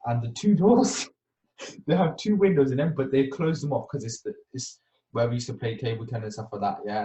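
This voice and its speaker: "Yeah?" caps many lines as a young podcast co-host with a medium-pitched voice tells a casual, animated story, acting out each scene. The recording is lo-fi and roomy, captured from a distant mic.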